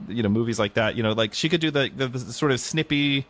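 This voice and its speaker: A man co-hosting a casual discussion, easygoing with quick asides. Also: medium pitch, fairly bright tone. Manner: easygoing, quick asides, jokes about old films. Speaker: podcast co-host, deacon.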